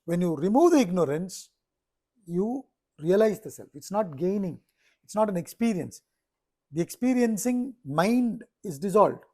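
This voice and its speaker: Spiritual teacher, male, raised pitch, tells stories and keeps asking if listeners follow. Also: big pitch swings, unhurried, a little mellow. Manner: storytelling, checks in with listeners often. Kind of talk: explaining scripture in a talk.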